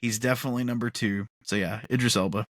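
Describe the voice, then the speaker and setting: A man's voice: medium pitch, fairly even intonation, quick pace, no room sound. Rambling, enthusiastic man, dry sound. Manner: rambling and enthusiastic, often laughing. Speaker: podcast co-host. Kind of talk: casual podcast chat.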